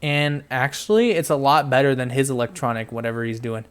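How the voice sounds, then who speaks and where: A man's voice: medium pitch, brisk, smooth. A young man hosting a podcast, chatting casually about pop culture, rambling and getting sidetracked while he reads things out. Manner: rambling, easily sidetracked, mumbles while reading. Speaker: podcast host.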